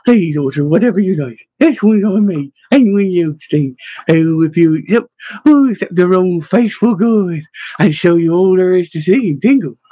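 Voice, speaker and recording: A man's voice: high-pitched, expressive, normal speed, dark tone, husky, dry recording, highs cut off. A man voicing a cheerful, worldly male bard who talks in riddles, in a storybook. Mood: genial.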